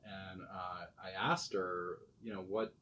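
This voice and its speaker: A man chatting casually on a podcast, telling animated stories and laughing as he goes. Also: deep voice, slow pace, slight background noise, rough recording. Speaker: podcast guest, research expert. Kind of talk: casual chat, storytelling.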